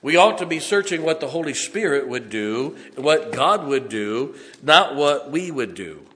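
Folksy preacher man, bright voice, echoing hall. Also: medium pitch, very animated, measured pace. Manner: folksy, chuckles often, keeps checking on the congregation. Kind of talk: sermon.

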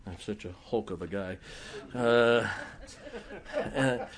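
A man's voice: on the low side, slow pace, crowd noise. A man preaching a sermon as pastor, telling folksy stories and joking with his congregation.

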